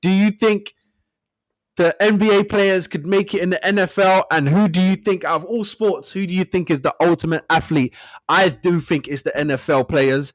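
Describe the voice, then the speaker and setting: A man's voice: high-pitched, fairly even intonation, normal speed. A man co-hosting a sports debate show, laid-back, mostly agreeing with his partner before wrapping up. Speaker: co-host.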